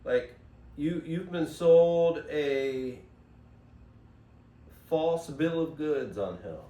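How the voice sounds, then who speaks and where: This man speaks extremely slowly in a high-leaning, dark-toned voice, hosting a loose spiritual monologue that rambles, digresses and interrupts itself. It was recorded on a phone in an echoey room, his voice distant over a faint hiss.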